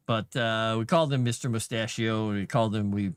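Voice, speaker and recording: A man with a fairly low voice talks casually on a live writing stream, greeting viewers and cooing at his cat between thoughts. The sound is close and dry, with no room echo. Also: fairly quick, clear, resonant tone.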